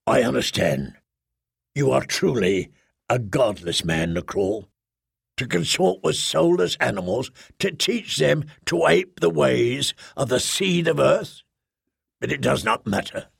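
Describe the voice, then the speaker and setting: A man voicing a stern, menacing male commander who booms his threats and speaks with contempt. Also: expressive, a little slow, gravelly, slightly rough, dry recording, clean studio sound, full character voice.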